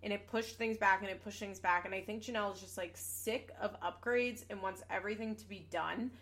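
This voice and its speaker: A woman's voice: mid-range voice, steady tone, a little fast, a bit bright. A young woman in her twenties hosting a casual podcast, recapping a reality show with chatty, sarcastic asides and casual swearing. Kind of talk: casual chat.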